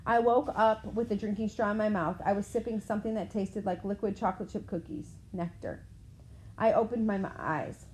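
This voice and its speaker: A woman reading a first-person novel aloud in a steady, plain storytelling manner. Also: medium pitch, fairly quick, a little hiss or hum, rough recording. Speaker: audiobook narrator.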